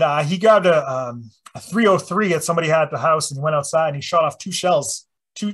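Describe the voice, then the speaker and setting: A man presenting at a community talk, telling a story in a loose, animated, profane way. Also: a little high, slightly rough.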